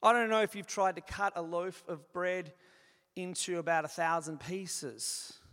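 Speaking at a measured pace, a preacher with a notably high voice delivers a lively, conversational sermon peppered with small acted-out asides. A long reverb trails his words, as though he's in a large hall.

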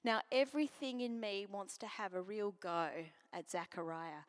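A woman preaching a sermon and reading scripture, earnest, moving from strong emphasis to soft near-whispers. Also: medium pitch, moderate pace, hardly any pauses. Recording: long hall reverb.

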